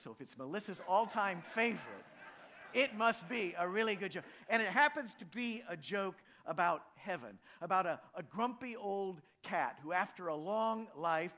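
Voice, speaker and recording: A male pastor giving a sermon, telling stories in an animated way and rising to emphatic peaks. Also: sits high.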